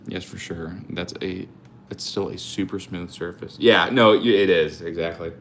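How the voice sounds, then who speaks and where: A young man hosting a live stream, chatting casually and rambling as he thinks out loud and answers chat. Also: low-pitched, fairly even intonation, moderate pace, a little hiss or hum. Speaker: live-stream host painting cards.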